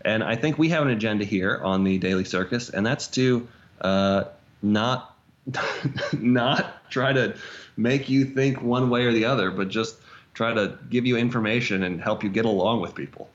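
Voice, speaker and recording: Low guy cohosting a podcast, keeps restarting, kinda dull lo-fi sound. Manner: halting, many restarts and fillers. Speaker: podcast co-host. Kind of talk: casual podcast chat.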